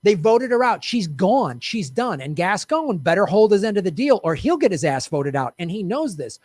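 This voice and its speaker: A fiery man rants to camera in a heated political commentary, blunt and profane, hammering each point home. His voice sits high for a man, and the sound is close and dry. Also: very animated, fairly quick, few pauses, a little mellow, no echo.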